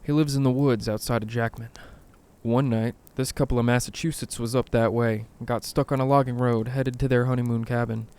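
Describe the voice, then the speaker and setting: A male narrator telling spooky stories with dry, wry humor. His pitch sits in an ordinary middle range for a man, and he nudges his voice a little when he quotes other people. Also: fairly even intonation, brisk, darkish tone, clean tone. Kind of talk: storytelling narration of a scary greentext.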